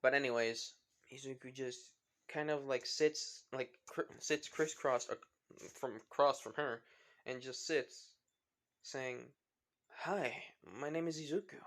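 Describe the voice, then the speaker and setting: A man's voice: medium pitch, steady tone, slow pace, fairly bright tone. Rambling man telling a fan story. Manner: rambling, many fillers and restarts. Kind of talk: casual fan-fiction storytelling.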